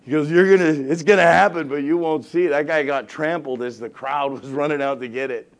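A man's voice: fairly high pitch, fairly even intonation, brisk. A middle-aged male pastor telling a story in a sermon, acting out both sides of the conversations and laughing often.

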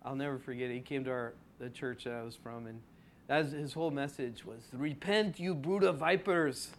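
A man's voice: medium pitch, fairly even intonation, fairly quick, slight background noise. A man preaching an expository sermon in a conversational way, asking his congregation rhetorical questions and stretching out key words for emphasis. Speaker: pastor.

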